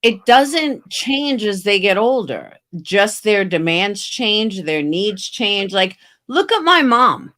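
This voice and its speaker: A woman's voice: medium pitch, big pitch swings, slow pace, hardly any pauses, fairly bright tone. A woman in her fifties hosting a casual chat, speaking bluntly and earnestly. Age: 50s.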